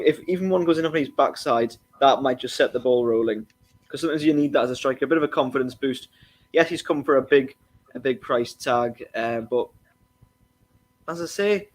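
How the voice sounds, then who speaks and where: A man's voice: mid-range voice, vocal fry, breathy edge. A man co-hosting a casual football podcast, hedging his opinions and restarting his sentences often. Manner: hedging, repeats himself, many restarts. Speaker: podcast co-host.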